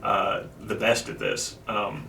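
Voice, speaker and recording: This comedy podcaster takes his time, telling a history story in a loose, rambling way full of likes and ums. His lowish voice is gravelly, bright and forceful with little pitch movement, and the echoey room, distant mic and faint noise are audible.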